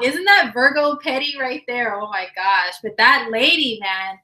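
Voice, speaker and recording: A woman hosting a livestream chat, telling a story in a casual, animated, slangy way and acting out quotes, her voice slightly hoarse. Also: fairly high pitch, measured pace, rough recording. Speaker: livestream astrology host.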